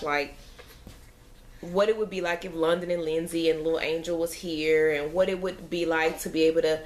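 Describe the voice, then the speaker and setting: A woman, a mother, chatting to camera in a rambling, emotional way with sighs and fillers. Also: fairly low pitch. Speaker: mother vlogger. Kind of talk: casual chat to camera.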